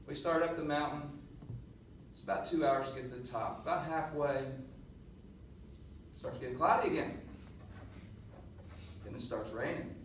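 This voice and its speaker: A middle-aged man coaching on presentation skills, telling a lively story to a class and acting out the voices. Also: mid-range voice, normal speed, pauses often. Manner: animated storyteller, laughs and acts out voices. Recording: roomy echo, mic at a distance, faint noise.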